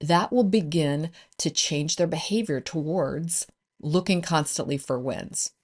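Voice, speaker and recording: A woman's voice: sits low, a little slow. A woman business coach hosting a solo podcast, upbeat and encouraging in a conversational way.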